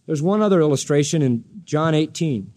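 A man's voice: expressive, moderate pace, dark tone. A man preaching an expository sermon, dramatically acting out the voices he quotes. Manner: dramatic, acts out quoted voices with sweeping pitch.

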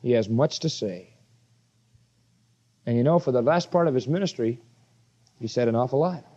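A man's voice: medium pitch, moderate pace, mellow, highs cut off. A man preaching a sermon verse by verse, emphatic and full of rhetorical questions.

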